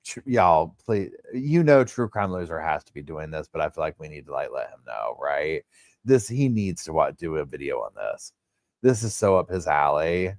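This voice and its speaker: A man's voice: a bass voice, sing-song, normal speed, a little mellow, no echo, clean studio sound. A man hosting a true crime livestream, chatting casually and rambling in a drowsy way.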